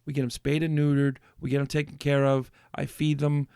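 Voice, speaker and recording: Man, podcast host, gravelly, slightly high voice, rambling casual chat, dry close mic. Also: completely flat delivery, fairly quick, dark tone, dry recording. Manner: rambling storyteller with many restarts.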